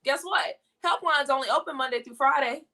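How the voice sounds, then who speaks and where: A young woman telling a personal family story in casual, animated talk, slipping into quoted voices. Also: sits high, a little fast. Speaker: guest.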